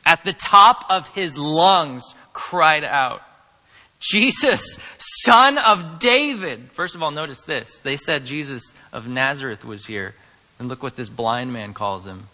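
Bright-voiced preacher in a reverberant hall. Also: male voice, mid-range voice, unhurried. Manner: swings from quiet asides to loud emphatic preaching. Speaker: pastor. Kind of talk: sermon.

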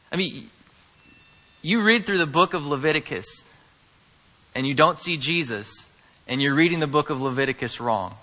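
A man preaching a sermon, moving from quiet, conversational asides to loud, emphatic declarations. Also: on the high side, lively intonation, moderate pace. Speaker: pastor. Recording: long hall reverb.

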